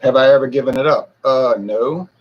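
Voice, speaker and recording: A man in his forties reviews whiskey, talking casually straight to camera for his viewers in a rambling, somewhat defensive way. His voice is medium-pitched and moderately paced, and the recording sounds muffled.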